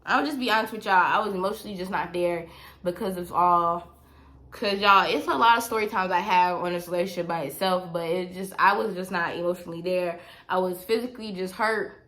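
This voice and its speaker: A woman's voice: lowish voice, brisk, a bit bright. A young woman telling a personal story on her vlog, emphatic and repetitive, talking straight to her viewers. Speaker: vlogger.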